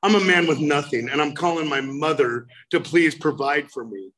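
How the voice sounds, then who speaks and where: A man in his forties telling his recovery story, animated, breaking into loud exasperated outbursts. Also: fairly high pitch, normal speed. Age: 40s. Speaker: speaker sharing recovery story. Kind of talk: recovery talk, personal story.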